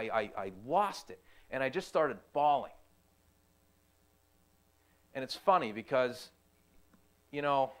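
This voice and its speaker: Earnest man sharing a halting testimony. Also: medium pitch, a bit bright. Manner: earnest, halting, repeats phrases. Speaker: youth ministry volunteer. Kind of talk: personal testimony.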